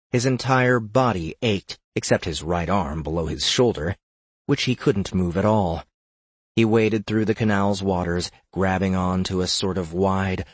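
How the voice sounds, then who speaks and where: A man reading a fantasy audiobook with a deep, husky voice. His storytelling is measured and steady. The sound is dry and close to the mic. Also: no echo. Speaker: narrator. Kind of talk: scripted fantasy audiobook narration.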